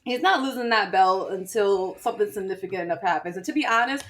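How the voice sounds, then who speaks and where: A woman's voice: medium pitch, fast, a bit bright. A woman co-hosting a casual chat, talking loosely with many fillers and frequent laughter. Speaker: podcast co-host. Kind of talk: casual chat about wrestling.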